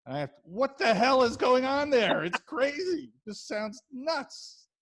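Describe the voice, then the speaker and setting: A man co-hosting a podcast, talking casually with lots of pauses and fillers. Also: very high voice, big pitch swings, fairly bright tone, breathy edge. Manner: hesitant, many fillers. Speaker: podcast co-host.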